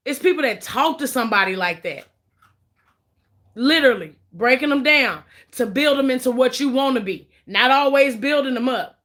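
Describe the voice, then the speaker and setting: A woman's voice: high-pitched, a bit bright. A woman giving blunt, profane, emphatic commentary in an opinion vlog.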